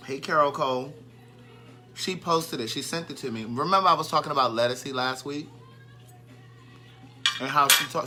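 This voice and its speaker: A man's voice: medium pitch, pushed and bright. A man hosting a casual live stream, chatting and greeting viewers by name, and easily sidetracked.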